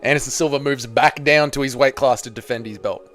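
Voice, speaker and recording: A man's voice: medium pitch, steady tone, brisk, over music. A man hosting a live MMA reaction stream, chatting loosely with viewers and swearing freely.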